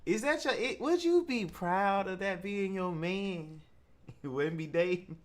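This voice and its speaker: Animated mocking man with a drawl. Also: a little slow. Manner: mocking, laughs a lot, animated slang-heavy delivery with sudden pitch jumps. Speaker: commentary show host. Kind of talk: mocking comedic commentary.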